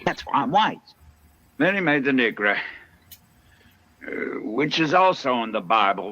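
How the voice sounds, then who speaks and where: Smug plantation owner, preachy prayer tone, mid-pitched, muffled noisy film sound. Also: male voice, sharp tone. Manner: self-satisfied, preaching prayer. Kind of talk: dubbed film acting. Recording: dull lo-fi film audio with noise.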